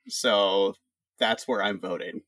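A man's voice: fairly low pitch, takes it slowly, fairly bright tone, no echo. A man who is a guest on a podcast game, chatting casually and reading out summaries with playful dramatic flair.

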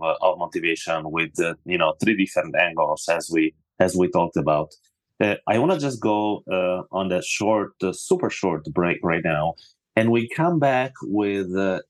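A man hosting a podcast panel, talking with many fillers and restarts as he frames questions. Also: low voice. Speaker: podcast host.

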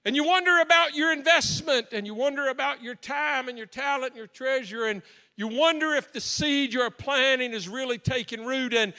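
A man's voice: very high voice, normal speed, pushed and bright, clear, resonant tone. A male pastor preaching a story-driven sermon, impassioned and swinging between solemn and joking.

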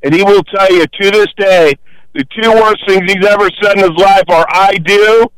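An older man calling into a sports radio show, telling a story loudly and acting out the voices as he goes. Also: sits high, moderate pace, smooth, no room sound. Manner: boisterous storyteller, acts out voices. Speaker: caller. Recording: phone line.

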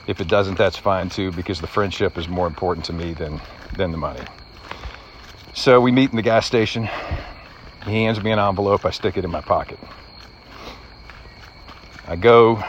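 A man's voice: deep voice, fairly bright tone, a little hiss or hum. A middle-aged man telling a personal story in an earnest, reflective way, slightly choked up.

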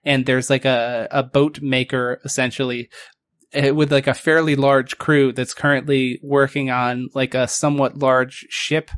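A man narrating a tabletop game as game master, rambling and halting with many fillers. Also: mid-range voice, flat delivery, fairly bright tone, no echo.

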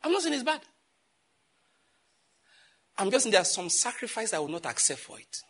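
A man preaching a sermon as pastor, animated and scolding, with jokes and sudden jumps in pitch. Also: moderate pace, breathy edge.

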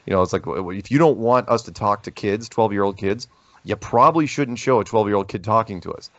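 A man as an interview guest, talking casually and telling rambling, animated stories with many restarts. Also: lowish voice, fairly quick, dry recording. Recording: dull lo-fi dry audio.

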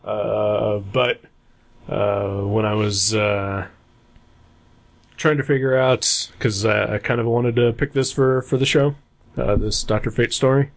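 A man's voice: fairly low pitch, steady tone, slow, gravelly. A man co-hosting a casual comics podcast, talking in a rambling, hesitant way with many fillers. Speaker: podcast co-host.

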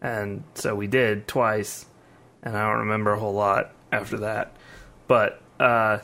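Bright-voiced laid-back podcast guy. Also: on the low side, flat delivery, measured pace, vocal fry. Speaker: podcast co-host. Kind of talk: casual chat.

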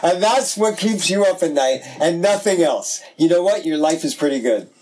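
A man's voice: a little high, expressive, normal speed, a little mellow. A man co-hosting a podcast, making blunt, emphatic points in casual political chat. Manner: blunt, emphatic, drives his point home. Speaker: podcast co-host.

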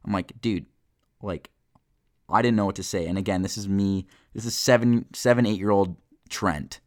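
A young man hosting a podcast, telling a childhood story in a casual, animated way, with lots of fillers and acted-out quotes. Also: lowish voice, moderate pace. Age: young adult. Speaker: podcast host.

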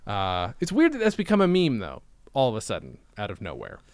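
Podcast co-host, male, joking and rambling, animated delivery, dry close mic. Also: on the low side, brisk, no echo. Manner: joking, rambling, tries silly voices. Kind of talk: casual chat.

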